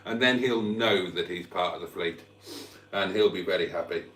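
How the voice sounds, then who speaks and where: A vlogger with a low-sitting, fairly bright voice speaks at a normal speed during a live stream from a room at home. He's hungover, lisps, and makes fun of himself as he chats casually. The mic is distant and the room sound is noticeable.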